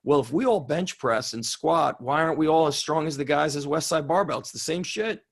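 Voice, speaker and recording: A man's voice: a little high, brisk. Blunt, fired-up strength coach guy. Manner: blunt, fired up, swears freely. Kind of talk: casual interview.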